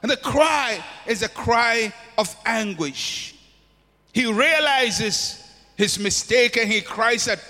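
A man's voice: very high-pitched, slow, sharp tone. A man preaching a sermon with an impassioned, repetitive cadence in a church hall. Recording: long hall reverb.

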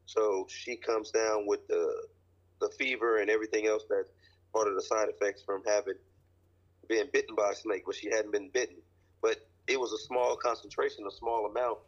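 A husky man tells a long, rambling story in casual chat. He jokes as he talks and slips into laughter. The sound is dull and lo-fi. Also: on the low side, level tone, normal speed.

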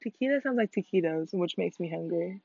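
A teenage girl co-hosting a podcast, chatting casually while playing a video game, excitable, swearing a lot and laughing often. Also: fairly low pitch, fairly quick, breathy edge, dry recording. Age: teens. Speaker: podcast co-host. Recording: muffled lo-fi recording.

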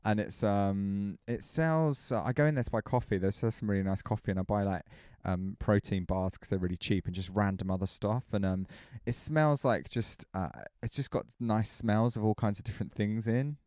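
A man's voice: lowish voice, normal speed, few pauses, a little mellow, no echo, studio quality. A man co-hosting a podcast, bantering and teasing his co-host in casual chat.

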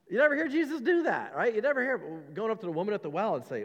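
A man preaching a sermon as pastor, animated and joking, mocking quotes with laughs. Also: fairly high pitch, racing, hardly any pauses. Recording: long reverb of a hall.

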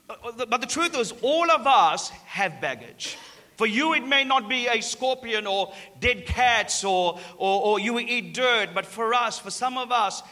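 A man preaching a sermon, telling a personal story with animated delivery and repeating key lines to the congregation. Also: high voice. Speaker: pastor. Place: large hall before a live congregation. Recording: long reverb of a large hall.

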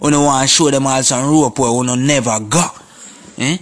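A man vlogger with a Jamaican accent delivers an impassioned monologue to camera in patois, forceful, confrontational, and preachy. His voice is medium-pitched and steady, at a normal pace.

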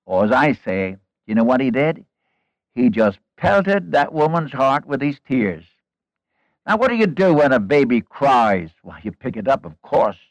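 A man's voice: mid-range voice, no room sound, low-quality recording. A man preaching a sermon, retelling a Bible story in an earnest, folksy way with rhetorical questions and asides to the congregation.

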